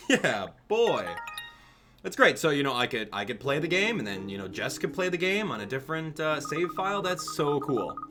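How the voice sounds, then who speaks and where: A man streaming a game, chatting casually and excitedly and laughing often. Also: medium pitch. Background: background music.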